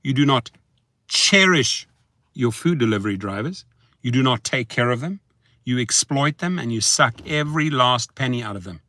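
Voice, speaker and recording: A man vlogging as a rideshare driver, rambling to his viewers in a sing-song, chanting way that swings between hushed murmurs and excited whoops. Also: medium pitch, brisk, no room sound, clean studio sound.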